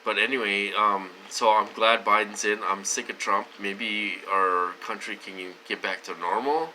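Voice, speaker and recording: A man talking casually to his viewers in a rambling, repetitive way, swinging between loud emphatic stretches and low mutters. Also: steady tone, measured pace, slight background noise, low-quality recording. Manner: rambling and repetitive, with many fillers. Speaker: vlogger.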